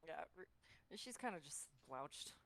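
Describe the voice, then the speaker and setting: A woman at a tabletop game explains her character in a halting way, restarting as she goes. Her voice sits on the low side. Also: very animated, a bit bright, dry recording. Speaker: player.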